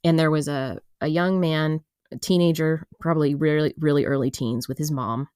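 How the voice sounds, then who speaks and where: A woman with a very low voice tells an anecdote as a podcast guest. She chats easily and laughs often. The recording is dry. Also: moderate pace, darkish tone, clean tone, dry recording. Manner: laughing, chatty anecdote telling. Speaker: podcast guest, film producer. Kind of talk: casual chat.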